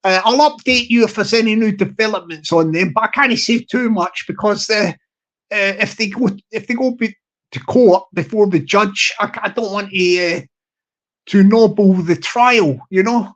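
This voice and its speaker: A man's voice: sits high, muffled recording. A man talks to his live stream in a loose, rambling way. He stalls on fillers and restarts often, and he repeats his points over and over. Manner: halting, repetitive, many fillers and restarts.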